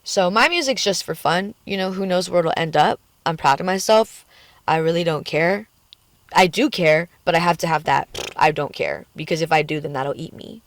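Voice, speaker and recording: A woman talks frankly into her phone in a personal vlog, her speech emotional and peppered with swearing. Her voice sits a little low for a woman. The sound is dry and close, with no room around it. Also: moderate pace, no room sound. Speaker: vlogger. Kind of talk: candid personal vlog rant. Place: in a car at the beach.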